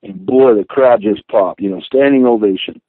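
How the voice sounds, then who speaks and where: An older man, a guest and former wrestler, telling rambling, animated stories with many restarts. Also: fairly low pitch, moderate pace, dry recording. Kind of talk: storytelling interview. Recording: tinny phone line.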